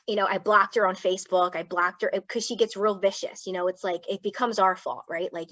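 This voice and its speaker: A woman's voice: mid-range voice, steady tone, a little fast, sharp tone, no room sound. Blunt, plain-spoken woman swearing freely. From Philadelphia. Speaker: guest speaker, clinical psychologist. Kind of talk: candid personal storytelling to an audience. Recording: dull, dry lo-fi sound.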